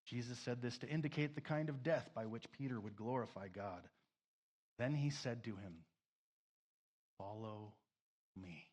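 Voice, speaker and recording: A man preaching a sermon, emotional, swinging between loud emphasis and a soft hush, tearful at moments. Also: mid-range voice, breathy edge. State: crying. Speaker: pastor.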